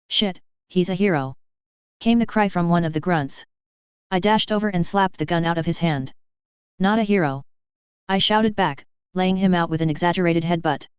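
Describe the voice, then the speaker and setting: Crisp low-voiced woman reading a story. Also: no room sound. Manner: steady first-person storytelling. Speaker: narrator. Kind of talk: reading fan fiction aloud. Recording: dull lo-fi dry recording.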